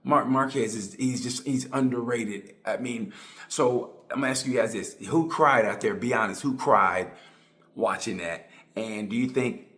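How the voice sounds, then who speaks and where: A middle-aged man giving a rambling, excitable, tongue-in-cheek monologue about motorcycle racing. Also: medium pitch, unhurried. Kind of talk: casual monologue.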